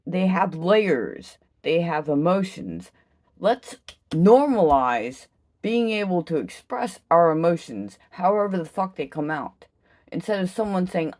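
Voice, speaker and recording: A woman giving an impassioned solo vlog rant, emphatic and profane, swinging from loud outbursts to low, slow musing. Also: very animated. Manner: intense, emphatic, heavy swearing. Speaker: vlogger.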